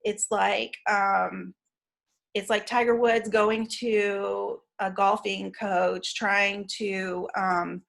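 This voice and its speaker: A woman teaching an online training session, explaining in a measured way with frequent fillers and restarts. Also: medium pitch, little pitch movement, vocal fry, fairly bright tone.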